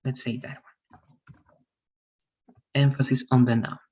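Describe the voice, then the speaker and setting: Husky slow-spoken male teacher. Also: medium pitch, level tone, a little mellow, lo-fi sound. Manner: patient, repeats examples, checks with "all right?". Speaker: English teacher. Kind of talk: online English grammar lesson.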